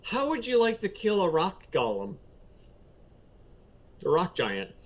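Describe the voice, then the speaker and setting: A man plays in a tabletop game, wry and joking as he talks with the table. His voice sits a little high. It comes through a dull, lo-fi microphone. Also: wildly swooping pitch, measured pace. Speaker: player. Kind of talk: casual tabletop play. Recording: dull lo-fi mic.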